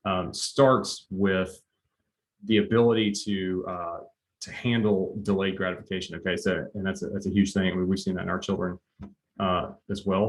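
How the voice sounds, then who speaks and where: Guy, middle-aged, lowish voice, rambly webinar talk w lots of ums. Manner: conversational, many fillers and restarts. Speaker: leadership coach.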